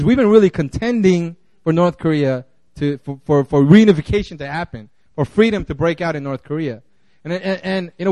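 A man with a high voice preaches in an easygoing, conversational way, tripping over restarts and little fillers. The sound is close and dry. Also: a little mellow, no echo. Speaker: guest preacher. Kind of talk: casual sermon.

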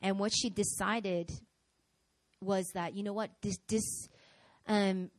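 A middle-aged woman pastor preaching a sermon in an animated way, acting out voices as she tells examples. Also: medium pitch, slow pace, no room sound. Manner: animated, acts out quoted voices.

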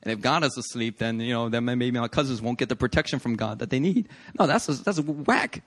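A young man preaching a sermon in a casual, animated, conversational way, acting out little quoted scenes. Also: medium pitch, brisk. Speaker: pastor. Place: church service.

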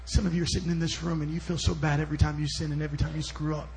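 High-voiced man preaching a sermon. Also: level tone, very fast, a little hiss or hum. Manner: storytelling, swings between loud bursts and soft asides. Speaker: guest preacher. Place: church service.

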